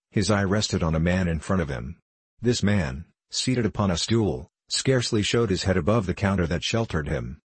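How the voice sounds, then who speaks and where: A man narrating a classic novel as an audiobook in a measured, even reading. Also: low-pitched, husky, no room sound.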